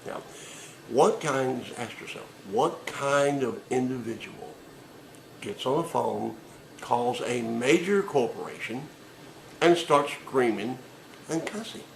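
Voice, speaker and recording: A man's voice: medium pitch, animated, slow pace, creaky, reverberant, a little hiss or hum, poor audio. A man delivering a sarcastic, profane comedic rant with emphatic delivery.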